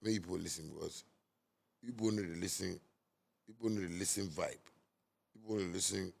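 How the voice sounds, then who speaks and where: Ghanaian pidgin guy ranting, low gravelly voice, scolding, mocks people, keeps blowing up loud. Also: fast talker. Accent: Ghanaian Pidgin English. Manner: heated and scolding, with sudden loud outbursts; repetitive and mocking. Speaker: musician. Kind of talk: ranting monologue.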